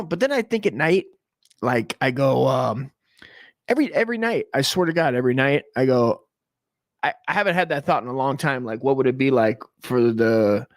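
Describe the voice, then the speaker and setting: A man's voice: medium pitch, lively intonation, moderate pace, dry recording, studio quality. A man in his forties doing a crude, rambling comedic monologue, trailing off and restarting as he goes. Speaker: comedy podcast host.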